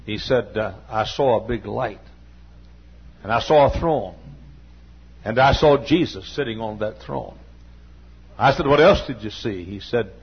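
A man's voice: medium pitch, slightly rough. An older man preaching a sermon, telling stories in quoted dialogue and building to fervent emphasis. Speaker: pastor. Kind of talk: sermon storytelling. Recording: dull lo-fi sermon recording.

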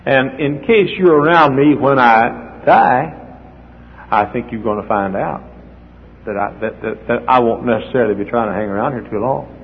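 An older man preaching a sermon as the pastor, swinging from hushed asides to near-shouts as he acts out the people in his stories. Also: mid-range voice, normal speed, vocal fry. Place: church hall. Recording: dull echoey hall with faint noise.

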